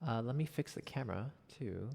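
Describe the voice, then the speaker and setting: A man's voice: medium pitch, lively intonation, fairly quick, creaky, a little mellow, big-room sound. A young man from Connecticut chatting casually on a piano livestream from home, upbeat and chatty with gleeful exclamations. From Connecticut, USA. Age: young adult.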